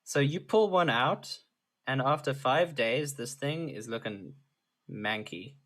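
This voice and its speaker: A man running a tabletop role-playing session as game master. His voice sits at an ordinary middle pitch. He lays out the scene and the rules in an easygoing way and laughs often. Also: lively intonation, takes it slowly, a bit bright.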